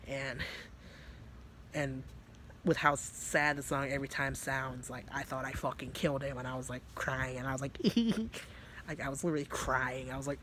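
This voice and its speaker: A man's voice: mid-range voice, fairly even intonation, moderate pace, pauses often, fairly bright tone, slight background noise. A man telling a story in a casual, rambling way, full of fillers and swearing. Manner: rambling, filler-heavy and profane. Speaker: vlogger.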